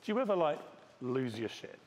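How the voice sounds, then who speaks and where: A man's voice: mid-range voice, very animated, fairly quick, darkish tone. A man with an English accent hosting an interview, asking eager questions while walking through a large garage. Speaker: interview host. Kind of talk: casual interview.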